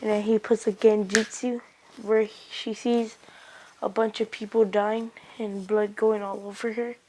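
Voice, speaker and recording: A woman's voice: mid-range voice, little pitch movement, unhurried, mellow, slight background noise, low-quality recording. A woman casually retelling an invented anime fan story, rambling along with frequent restarts and "he's like" asides.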